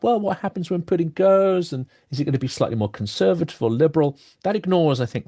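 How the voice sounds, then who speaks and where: A man hosting a political discussion, thinking aloud with pauses and shifting emphasis. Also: mid-range voice, darkish tone. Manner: reflective, pausing with ums, varied emphasis. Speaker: podcast host. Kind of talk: discussion interview.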